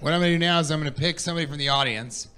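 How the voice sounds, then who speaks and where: A man performing a stand-up comedy set on a stage, animated and playful, riffing with the audience. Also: fairly high pitch, rapid-fire, a little hiss or hum.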